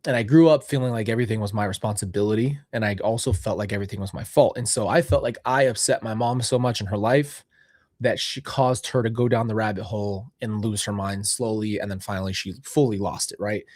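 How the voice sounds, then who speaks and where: A man's voice: on the low side, steady tone, quick pace, a little mellow, no room sound, clean studio sound. A young man talking earnestly and rambling about faith, seated indoors as a podcast host, often correcting himself mid-thought. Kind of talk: reflective faith talk.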